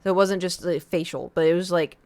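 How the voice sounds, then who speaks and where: A young woman streaming from home and telling a long story to her chat in a casual, animated way. She jumps into a high voice whenever she quotes other people. The sound is close and dry, with no room around it. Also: brisk, no room sound.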